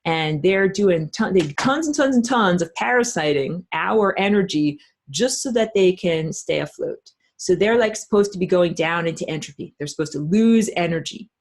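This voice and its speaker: A woman's voice: lowish voice, animated, moderate pace. A woman teaching an online class, talking in a rambling, emphatic way with many fillers and restarts. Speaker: spiritual teacher.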